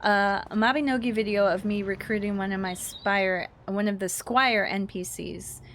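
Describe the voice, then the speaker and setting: A young woman who streams and does voice acting chats casually while playing, responding to chat and slipping into character voices. Her voice is mid-pitched, fairly bright, and steady, at a moderate pace, with a faint background hum underneath.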